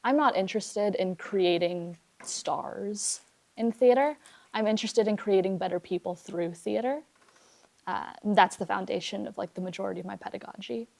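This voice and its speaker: Creaky-voiced candid female theater teacher. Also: mid-range voice, normal speed, a little mellow. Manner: earnest, candid, with small laughs. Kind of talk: interview answer.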